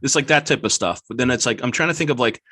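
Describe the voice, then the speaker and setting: A man's voice: mid-range voice, very fast, pushed and bright, no echo, studio quality. A man guest on a podcast, rambling casually about a movie, filling nearly every phrase with "like" and laughing easily. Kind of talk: casual chat.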